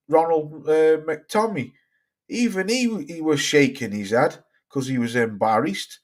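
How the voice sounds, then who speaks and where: A middle-aged man hosting a boxing livestream, ranting casually and swearing with exasperation as he reads out viewer comments. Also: a little high. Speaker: boxing channel host.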